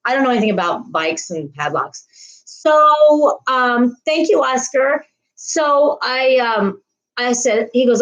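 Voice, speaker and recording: Woman livestream host with a slightly high voice, chatty and rambling, greets viewers by name. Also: animated, unhurried, a bit bright, highs cut off. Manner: frequent laughs and restarts. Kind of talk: casual livestream chat.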